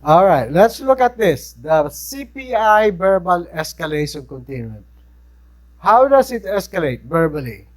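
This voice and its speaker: This Filipino-accented instructor sounds high-pitched and very animated but unhurried as he lectures his class. He stays conversational and keeps checking in with "right?", though the audio is poor.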